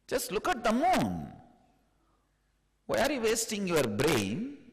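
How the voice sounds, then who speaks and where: A man from India with an Indian accent giving a spiritual discourse, chuckling often and speaking in an animated, teasing way. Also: high voice, slow, long reverb tail, low-quality recording. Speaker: spiritual teacher.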